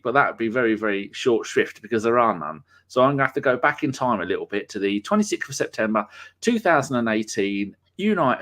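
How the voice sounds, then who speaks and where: A chatty man hosts a live fan podcast with a loose, rambling delivery. He jokes with his co-host and fills gaps with ums and uhs. His voice sits at an ordinary middle pitch. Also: fairly bright tone. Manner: chatty, rambling, jokey, with many fillers. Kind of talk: casual live podcast chat.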